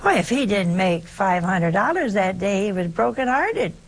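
A woman's voice: mid-range voice, sing-song, normal speed. A woman preaching a conversational sermon, full of emphatic rhetorical questions.

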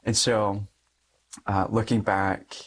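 A man's voice: fairly low pitch, little pitch movement, slow, breathy edge. A young man, a Catholic priest, earnestly telling a personal story in an interview and often laughing between sentences.

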